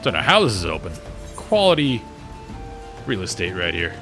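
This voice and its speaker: A man's voice: low voice, sing-song, quick pace, music in the background. A man streaming a game, chatting casually with joking, offhand remarks. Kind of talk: casual gameplay commentary.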